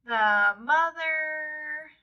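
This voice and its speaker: A woman teacher retelling a story for English learners, repeating key words and explaining them deliberately. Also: high-pitched, highs cut off.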